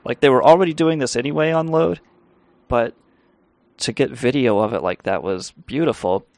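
Gravelly man telling a rambling story. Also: medium pitch, normal speed, no room sound. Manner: rambling, profane, laughing. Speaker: live stream host. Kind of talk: casual storytelling and reading chat.

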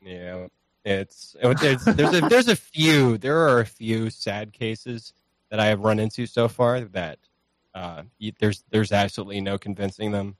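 A man's voice: lowish voice, unhurried, no echo. A man talking as a podcast guest in a loose, rambling, profane and self-deprecating way, recorded on a home streaming mic. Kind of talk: casual chat.

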